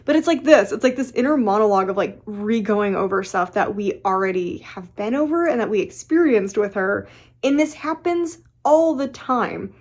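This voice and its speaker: A young woman chatting casually in a book vlog, animated and full of fillers and quick laughs. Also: medium pitch. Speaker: book vlogger. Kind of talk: casual chat.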